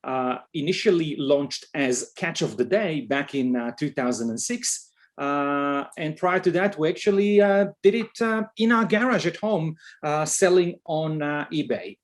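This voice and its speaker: A man's voice: a little high, measured pace. Israeli-accented businessman in his fifties. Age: 50s. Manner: fluent but hesitant, many "uh" fillers. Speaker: entrepreneur guest. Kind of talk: podcast interview.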